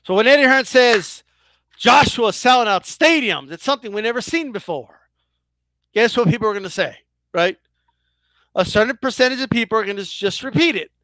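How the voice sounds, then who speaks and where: A man's voice: sits high, animated, a little fast, sharp tone, dry recording. A man ranting in a casual vlog as a boxing commentator, swearing freely, stumbling into restarts and keeps asking his viewers "right?". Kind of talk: casual opinion rant.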